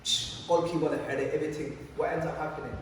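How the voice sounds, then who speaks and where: A young man with a London accent telling a youth audience an animated story full of slang and sound effects. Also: on the high side, fast. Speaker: motivational speaker at youth event. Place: large hall at youth event. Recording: echoey hall, distant mic, background noise.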